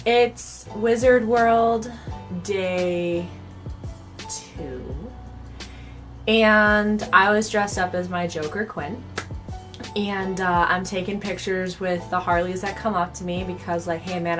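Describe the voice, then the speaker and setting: Young adult woman, cosplay vlogger, casual storytime delivery, filler-heavy, average pitch. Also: a bit bright. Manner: chatty, filler-heavy with frequent "like".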